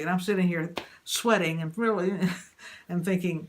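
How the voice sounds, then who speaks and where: An older woman recalls her first date with her husband in a warm interview. She tells it with lively humor and acts out her own thoughts. Light noise hums in the background. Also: on the low side, moderate pace. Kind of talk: casual reminiscing interview.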